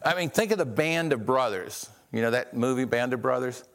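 A man preaching a sermon in a conversational way, often repeating and restarting words and rising in pitch when he stresses a point. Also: lively intonation, a little fast, a bit bright. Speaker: pastor.

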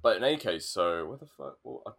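A young man with a West London accent chatting on a podcast. His voice sits fairly low, swings widely up and down in pitch, and wanders loosely through long sentences. He swears freely and laughs a lot as he goes. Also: lively intonation, fast, creaky, a crowd in the background. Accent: West London English, softened by living overseas. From England. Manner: rambling, sweary, laughs often. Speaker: podcast co-host. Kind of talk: casual podcast chat.

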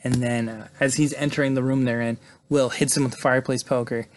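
A man casually recapping a movie plot, rambling with many fillers and swearing, excited about it. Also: mid-range voice, brisk. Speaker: movie reviewer.

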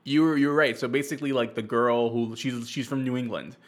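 A man's voice: mid-range voice, fairly quick. A man co-hosting a podcast in casual chat, rambling with lots of "like" and dry sarcasm. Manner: rambling, sarcastic, many fillers. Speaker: podcast co-host.

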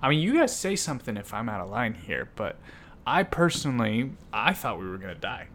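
A man's voice: medium pitch, big pitch swings, brisk, fairly bright tone, slight background noise. A man voicing an exasperated, blunt male disciple who rambles and questions his teacher hesitantly. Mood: flustered.

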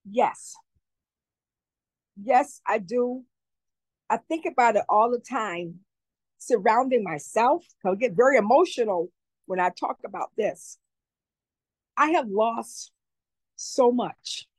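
A woman's voice: a little high, lively intonation, slow, pauses often, no room sound, poor audio. A woman speaking as a community advocate guest, giving heartfelt, emotional testimony and often repeating herself.

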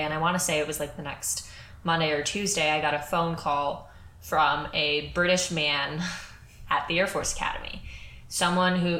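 Low-voiced young woman telling her story. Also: fairly bright tone. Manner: candid, chatty, filler-heavy. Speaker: podcast co-host. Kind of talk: casual storytelling chat. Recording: roomy echo.

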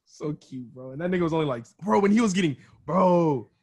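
A man's voice: a little high, lively intonation, fairly quick, a little mellow. A young man in casual chat, bantering loosely with lots of slang and frequent laughter.

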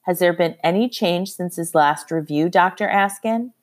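A blunt male immigration officer speaks in a low, clipped, official way, as a woman narrator reads his lines. He sounds stern and businesslike, like a figure in a storybook. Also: moderate pace, lightly acted.

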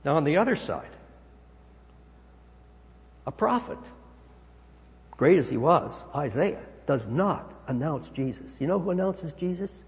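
Guy preaching a sermon, pretty high voice, big swings up and down, echoey church hall. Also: animated, a little slow, long pauses. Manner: emphatic, swinging pitch and volume. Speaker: pastor. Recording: long hall reverb.

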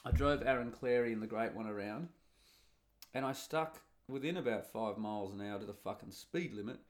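A man's voice: fairly low pitch, normal speed. A middle-aged man telling a long, rambling story in a blunt, sarcastic and profane casual monologue. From Australia.

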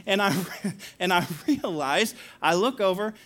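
A man's voice: high voice, expressive, a little slow, a bit bright. A male pastor preaching a sermon, telling stories with laughs and asides to the congregation.

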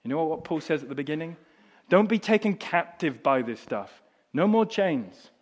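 A middle-aged man preaching a sermon, telling a story that drops soft and low and then rises loud and high. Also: animated, brisk. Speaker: pastor.

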